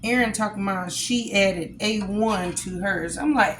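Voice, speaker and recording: A woman chatting casually with her viewers from home as a cooking vlogger, addressing them directly and warmly as a group. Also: medium pitch, measured pace, echoey room, noisy background. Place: at home while eating a meal.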